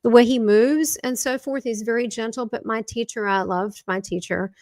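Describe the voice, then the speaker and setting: A woman with a Southern US accent, a guest on an interview podcast, telling stories in a rambling, excitable way. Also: on the high side, moderate pace, no echo. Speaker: guest, spiritual medium. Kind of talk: casual interview talk.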